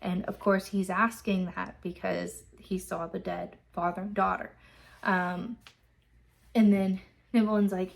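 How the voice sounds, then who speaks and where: A woman's voice: mid-range voice, level tone, unhurried, creaky. A woman hosting a book club, casually recapping a chapter in a loose, filler-heavy way and swearing freely.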